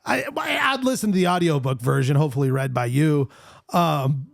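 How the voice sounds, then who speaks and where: An excitable man hosting a podcast, talking in a high, bouncy voice that swings widely in pitch. His tone has a gravelly edge, and the sound is close and dry. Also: moderate pace, no echo. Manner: animated, excitable, says dude a lot. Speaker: podcast host. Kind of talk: casual chat.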